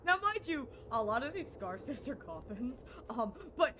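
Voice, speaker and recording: A woman's voice: fairly high pitch, big pitch swings, normal speed, hardly any pauses, pushed and bright, a little hiss or hum. Rambling, laughing woman streamer. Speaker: livestreamer. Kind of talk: gaming livestream chat.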